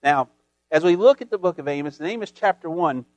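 A man preaching a sermon as pastor, folksy and full of homespun sayings, building emphatically to loud peaks. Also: on the high side, animated, fairly quick, no room sound.

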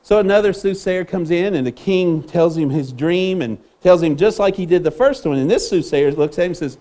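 Male preacher, high-pitched, earnest, restarts a lot. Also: a little fast, mellow. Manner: earnest, with repeated words and restarts. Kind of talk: sermon.

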